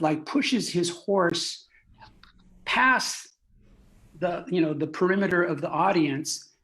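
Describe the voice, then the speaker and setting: Lively storytelling man, somewhat high voice. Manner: lively anecdote with laughs and restarts. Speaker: clown and co-founder guest. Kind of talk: animated storytelling.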